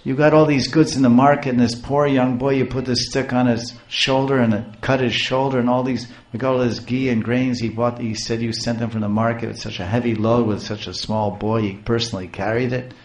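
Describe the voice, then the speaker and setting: A man's voice: medium pitch, fairly even intonation, a little fast, hardly any pauses, darkish tone, lightly acted. A man voicing a poor village wife who is astonished and upset, in a raised, pleading tone. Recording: roomy echo.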